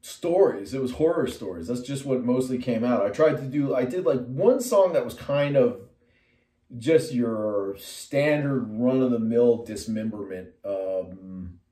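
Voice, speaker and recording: A middle-aged man with a mellow, darker voice tells a rambling personal story to camera. He drifts off on tangents, restarts his sentences and leans on fillers, then jumps up high and loud when he acts out what he said. The room is echoey and he sits some way back from the mic. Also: lively intonation, unhurried. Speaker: metal musician and artist. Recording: roomy sound from a distant mic.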